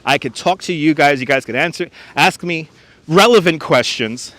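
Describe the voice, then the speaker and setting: Live-stream host, man, a bit high-pitched, casual and chatty, reads out viewer comments, outdoor clip-on mic. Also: moderate pace, a bit bright. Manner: chatty, reads out viewer comments and greets them by name, laughs often. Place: outdoors on a frozen beach. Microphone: wireless clip-on mic.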